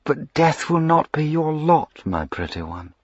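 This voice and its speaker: A cold, mocking duke from a period storybook, played by a male reader, purring his words softly and without hurry, at times sinking to a whisper. The sound is dry and muffled on a dull lo-fi recording. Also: lowish voice, expressive, takes it slowly, slightly rough, no echo, pitched above the performer's own voice, exaggerated voice. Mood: menacing. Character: sinister aristocratic duke, cold, predatory, mocking.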